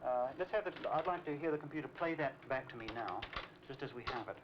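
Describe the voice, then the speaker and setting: A man working as a composer in a studio session, briskly directing a computer playback. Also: medium pitch, background noise. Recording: dull 1970s film sound. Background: music playing.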